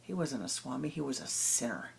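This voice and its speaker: Low gravelly-voiced woman telling a hushed story. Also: animated, fairly quick. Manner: dramatic, rhythmic, often hushed storytelling. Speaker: spiritual teacher. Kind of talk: storytelling in a meditation talk.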